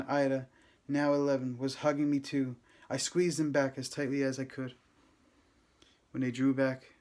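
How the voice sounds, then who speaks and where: Man reading a novel aloud. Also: mid-range voice. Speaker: audiobook reader.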